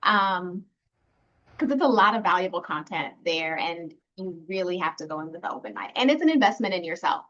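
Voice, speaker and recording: A woman's voice: fairly low pitch, animated, fairly quick, a bit bright, lo-fi sound. A woman alumna speaking earnestly and reflectively in a casual online panel, with many fillers. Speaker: program alumna. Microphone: video call.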